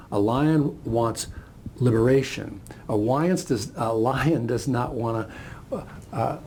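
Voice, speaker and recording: An older man gives a reflective motivational talk and unfolds a parable as he goes. His voice is gravelly and rough. The pitch sits in the middle. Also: darkish tone, a little hiss or hum. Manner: reflective, storytelling. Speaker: speaker.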